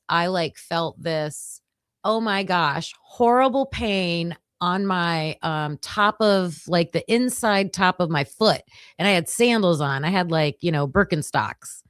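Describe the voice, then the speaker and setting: A woman hosting a livestream, chatting casually with her viewers and telling stories in an animated way. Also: fairly low pitch, smooth, dry recording, clean studio sound. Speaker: livestream host covering a trial.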